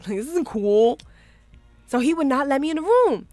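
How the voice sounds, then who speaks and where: A woman's voice: sits high, sing-song, normal speed, dark tone, no room sound, soft background music. A woman hosting a radio show, telling a story in casual chat, laughing often and acting out both sides.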